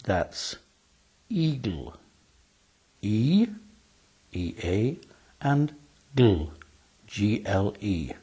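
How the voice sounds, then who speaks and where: A man's voice: on the low side, big pitch swings, extremely slow, pauses often, mellow, husky, rough recording. A man teaching a spelling lesson, speaking carefully and spelling words out letter by letter.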